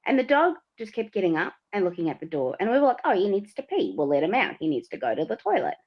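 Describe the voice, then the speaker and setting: Animated woman telling a story, lo-fi. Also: mid-range voice, quick pace. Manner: animated, acts out quotes, laughs often. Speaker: co-host. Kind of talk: casual storytelling on a livestream. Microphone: livestream mic. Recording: slightly dull lo-fi sound.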